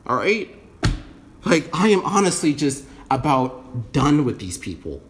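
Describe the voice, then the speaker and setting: A man's voice: medium pitch, big pitch swings, a little slow, slight background noise. A man from the United States ranting to camera in a casual vlog, blunt and rambling, swearing constantly. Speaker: vlogger. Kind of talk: casual opinion rant to camera.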